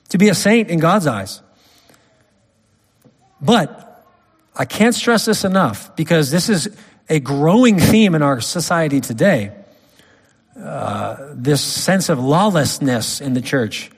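A man preaching a sermon, emphatic, swinging from loud stresses to quiet drops. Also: fairly high pitch, big pitch swings, takes it slowly, long pauses, breathy edge. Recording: long hall reverb.

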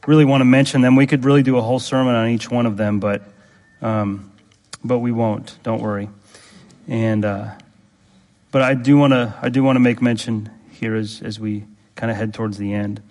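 A man preaching with earnest emphasis, circling back to repeat his points and pressing his listeners with direct questions. His voice sits at an ordinary middle pitch. It rings out with a long reverb, as in a church sanctuary. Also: darkish tone. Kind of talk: sermon.

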